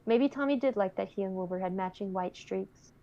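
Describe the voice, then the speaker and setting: A young woman guest reading a fan story in a steady, mid-pitched voice. Between passages she is playful and encouraging with her co-host. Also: a little fast, lo-fi sound. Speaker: guest co-reader. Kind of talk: reading fan fiction aloud and casual chat.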